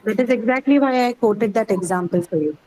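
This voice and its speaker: A woman at a middle pitch teaches a class and walks through each point in turn. She keeps stopping to ask "okay?" to check that the student follows. A faint hiss of background noise sits under her voice. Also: animated, brisk, a little mellow, rough recording. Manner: explains step by step, often checking with "okay?". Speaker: English teacher. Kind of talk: online class lecture.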